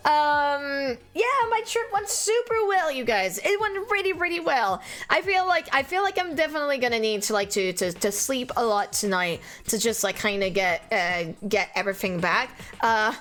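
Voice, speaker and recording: A woman's voice: on the high side, animated, moderate pace, a bit bright. A young woman, not a native English speaker, chatting casually and giggling with her live chat as a streamer. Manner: chatty, giggly, many fillers and restarts. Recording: faint music behind.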